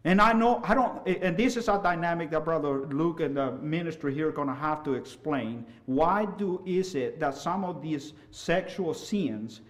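A middle-aged man preaching a sermon, swinging from loud, impassioned hollering down to soft, quiet asides. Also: on the high side, moderate pace, few pauses.

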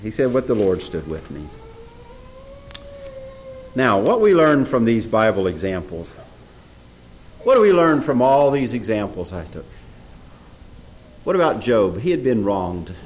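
A man preaching to his congregation, his voice rising and falling with lively pitch. He reads old scripture aloud and breaks off to quiz the listeners. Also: measured pace, pauses often, a little hiss or hum, low-quality recording. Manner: animated, reads scripture aloud in old English, asks the audience questions. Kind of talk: sermon with Bible readings.

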